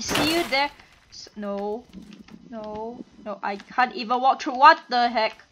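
A woman with a stuffy nose and a cough, giving excitable, chatty gameplay commentary and laughing often. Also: fairly high pitch, slow pace. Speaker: gamer and streamer. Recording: dull lo-fi home recording, faint noise.

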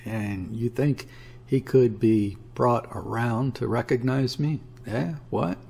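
A man voicing a boisterous, scornful young sailor who talks bluntly and roughly. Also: mid-range voice, takes it slowly, darkish tone, exaggerated voice. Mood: blustering. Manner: blunt, offhand and rough-spoken.

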